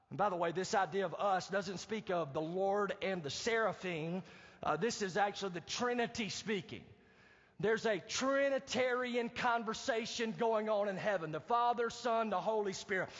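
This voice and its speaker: A male pastor preaching a sermon, swinging from loud to hushed and acting out quoted pleas. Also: normal speed. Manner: acts out quoted pleas in a higher voice. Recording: dull lo-fi sound, long hall reverb.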